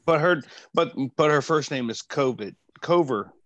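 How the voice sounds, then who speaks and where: A man's voice: a little high, moderate pace, fairly bright tone, no room sound, muffled recording. A slightly tipsy man chatting casually, rambling and restarting his sentences. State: a little tipsy. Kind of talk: casual chat.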